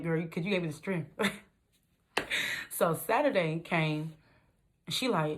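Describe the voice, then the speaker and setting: A young woman talks straight to her viewers in an easygoing vlog. Her voice sits a little low, and she jumps up in pitch to make a point. She keeps things loose and animated and laughs often. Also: unhurried, pauses often. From Detroit, USA. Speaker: vlogger. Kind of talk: casual storytelling to camera.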